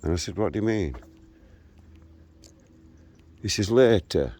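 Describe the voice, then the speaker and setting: In an unhurried, low-sitting voice, a vlogger in his 60s recounts an argument while walking outdoors through a local park and streets. He gets animated, re-enacting the street argument.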